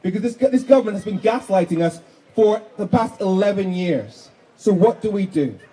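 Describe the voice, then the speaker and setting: Fiery high-voiced man at a protest. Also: expressive, normal speed, dark tone, low-quality recording. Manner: fiery, indignant, rhetorical questions. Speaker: protest speaker. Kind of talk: rally speech. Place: outdoor street protest.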